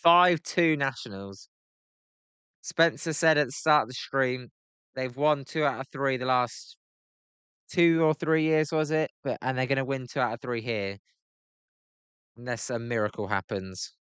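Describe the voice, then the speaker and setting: A man's voice: mid-range voice, measured pace, pauses often, fairly bright tone, clean tone, no room sound. A British man hosting a live stream, giving casual play-by-play reaction, chatty and grumbling, answering viewers by name.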